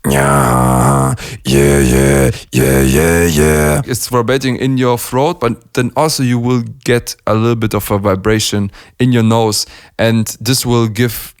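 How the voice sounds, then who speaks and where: A man's voice: mid-range voice, steady tone, normal speed, clean tone. Enthusiastic man. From Germany. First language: German. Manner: enthusiastic, laughs often, demonstrates sounds. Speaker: beatbox reaction host. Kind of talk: casual analysis commentary.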